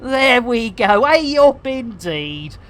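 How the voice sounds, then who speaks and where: A woman's voice: on the high side, very animated, slow pace. An English woman live-streaming a game, chatting to viewers with cheeky, sweary banter and rhyming slang. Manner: chatty, talks to viewers and reads chat aloud. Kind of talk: casual live-stream commentary.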